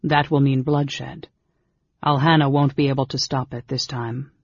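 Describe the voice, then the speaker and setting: A man's voice: medium pitch, little pitch movement, measured pace, breathy edge, no room sound. A man voicing a troubled, hot-tempered male half-elf warrior in an audiobook, urgent and protesting. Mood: grave. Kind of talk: audiobook character reading. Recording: dull lo-fi recording.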